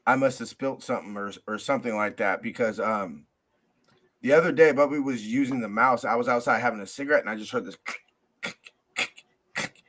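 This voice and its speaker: A man's voice: medium pitch, fast, a bit bright. Slangy, rambling podcast man. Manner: slangy, profane, rambling, lots of fillers. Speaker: podcast co-host. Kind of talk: casual sports podcast chat.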